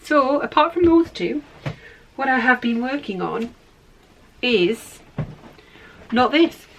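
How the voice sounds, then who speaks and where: A middle-aged woman with a slightly high voice hosts a knitting podcast. She chats in a rambling, self-deprecating way, holding pieces up to the camera as she goes. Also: very animated, takes it slowly, a bit bright, a little hiss or hum. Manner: shows knitting to the camera while talking. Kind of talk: casual chat.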